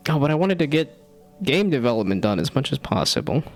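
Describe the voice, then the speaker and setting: Rambling, animated man streaming late. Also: medium pitch, fairly quick, soft background music. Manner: rambling, self-deprecating, laughs often. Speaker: streamer and hobby game developer. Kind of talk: casual live-stream chat.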